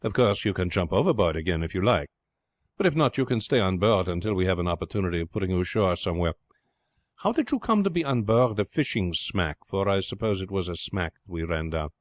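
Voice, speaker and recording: A man's voice: low voice, sing-song, a little fast, dry recording. A man voicing a blunt, commanding sea captain. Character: brusque middle-aged privateer ship captain, mocking.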